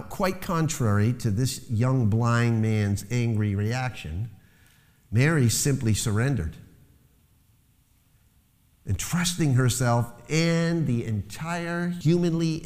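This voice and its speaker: A man's voice: medium pitch, expressive, takes it slowly, darkish tone. A man preaching a sermon as pastor, lifting his voice to stress key phrases. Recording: long hall reverb.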